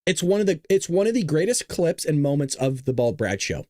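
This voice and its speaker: A man hosting his own show, giving casual political commentary in an animated way, often laughing and repeating himself. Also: on the high side, fairly quick, dry recording, clean studio sound. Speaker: show host. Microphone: webcam.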